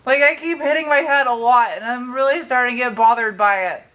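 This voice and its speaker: A woman's voice: a little high, brisk, fairly bright tone, slight background noise. A young adult woman casually narrating her truck restoration in a garage, joking and talking to herself as she works. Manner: chatty, joking, talks to herself while working. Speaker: car restoration vlogger.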